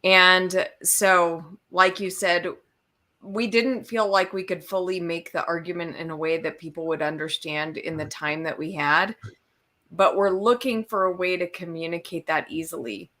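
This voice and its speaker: A woman's voice: lowish voice, fairly even intonation, moderate pace, pushed and bright. A woman co-hosting a casual chat, speaking earnestly with fillers like "like" and "right". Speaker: co-host.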